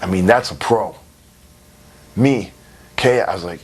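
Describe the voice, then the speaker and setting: Low husky guy rambling through an interview, blunt, swears constantly. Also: a little fast, long pauses. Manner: blunt, rambling, swears freely, laughs between stories. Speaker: interviewee, wrestler. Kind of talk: casual profane interview. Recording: recorded in 2002.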